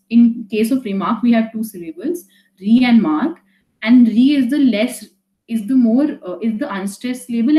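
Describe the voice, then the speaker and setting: Her voice is a little high and warm as this young Indian-accented woman tutors a student in an online poetry lesson. She talks in a loose, chatty manner, weaving Hindi into English with lots of fillers and restarts, all in an echoey room.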